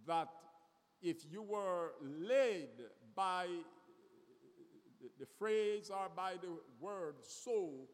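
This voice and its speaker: A man preaching a sermon slowly and deliberately, often repeating words as he searches for the next one. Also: sits high. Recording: long reverb of a hall.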